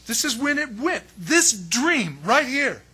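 A man preaching a sermon as pastor, telling the story with lively acted-out quotes. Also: very high-pitched, takes it slowly, husky. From United States. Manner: animated storytelling, acts out quoted voices.

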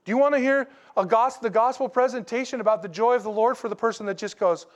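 A man preaching a sermon in a folksy, animated way, with asides to the congregation. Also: very high voice, fast talker, few pauses, muffled recording. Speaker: pastor.

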